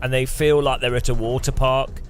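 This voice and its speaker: A British man doing casual gaming commentary, riffing deadpan and sarcastic. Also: medium pitch, normal speed, soft background music. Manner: rambling deadpan sarcastic jokes. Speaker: gaming youtuber.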